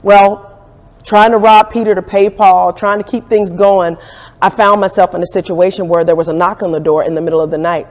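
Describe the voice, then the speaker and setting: A woman's voice: fairly low pitch, steady tone, a little fast, darkish tone. Reflective woman telling her story. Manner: candid, reflective storytelling with acted-out quotes. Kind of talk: documentary storytelling interview. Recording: echoey room with long reverb.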